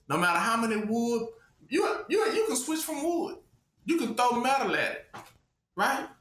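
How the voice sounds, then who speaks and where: A man's voice: high voice, sharp tone, echoey room. A man preaching a sermon, emphatic, with call-and-response questions to his listeners.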